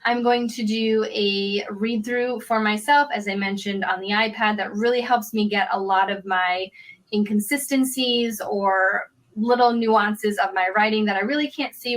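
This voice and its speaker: A woman talking straight to camera in a relaxed vlog, open and self-reflective. She moves quickly through her points at an even, mid-range pitch for a woman, with an everyday, unforced delivery. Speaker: author and vlogger. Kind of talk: casual vlog talk.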